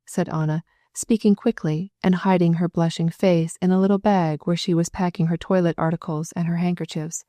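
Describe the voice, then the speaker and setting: A woman narrating a classic novel audiobook in a measured, even storytelling manner, close to the mic. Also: lowish voice, no echo.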